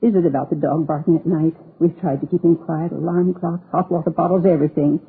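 An actress playing a gentle, grieving mother in her sixties in a 1950s radio drama, soft-spoken and halting, with a creaky, husky voice. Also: deep voice, fairly even intonation, full character voice. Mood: polite. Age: 60s. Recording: tinny old radio broadcast.

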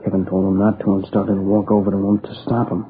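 An actor playing a grieving young man who tells, haltingly and in a subdued voice, how his friend was killed, in a radio drama. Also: low-pitched, monotone, close to an everyday voice. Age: young adult. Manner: halting, subdued, plain-spoken. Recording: tinny lo-fi old radio recording with faint hiss.

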